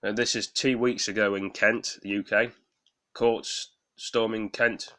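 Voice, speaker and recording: A man's voice: on the low side, flat delivery, unhurried, sharp tone. A man giving casual, hesitant commentary on news clips, full of fillers like "you know". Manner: hesitant, reflective, filler-heavy.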